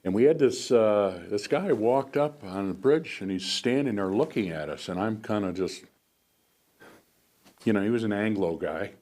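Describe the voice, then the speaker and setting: This man speaks on the low side with a darkish tone and an ordinary pace. He's a veteran American guest speaker in his seventies, telling an audience stories in a meandering way, often restarting and using fillers; faint noise sits in the background.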